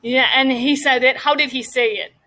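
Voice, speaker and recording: A woman's voice: high-pitched, steady tone, pushed and bright, low-quality recording. A woman teacher reading a novel aloud to her class and stopping to ask the students questions. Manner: pauses to question students about the story.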